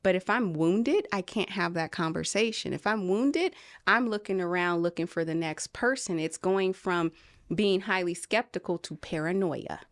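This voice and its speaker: Earnest woman from California, low voice. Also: normal speed, no room sound, studio quality. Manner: earnest, animated storytelling, quotes others in voices. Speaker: podcast guest, film producer. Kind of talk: casual conversation.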